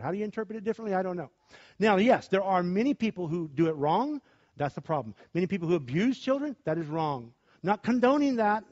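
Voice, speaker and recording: A high-voiced male pastor preaching with fire, rising to shouts and then dropping low and conversational. The recording sounds dull and lo-fi. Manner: impassioned, swings from shouting to quiet talk. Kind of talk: preaching sermon with discussion.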